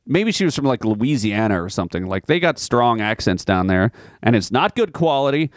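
A man's voice: mid-range voice, big pitch swings, fairly quick, no room sound, clean studio sound. A man co-hosting a podcast in casual chat, telling rambling, profane stories and laughing often. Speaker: podcast co-host.

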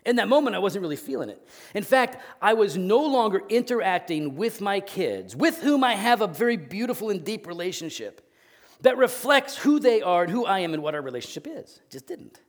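Self-deprecating pastor with a higher voice. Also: male voice, very animated, a little fast. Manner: candid, self-deprecating storytelling with dramatic bursts of acted yelling. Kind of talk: sermon.

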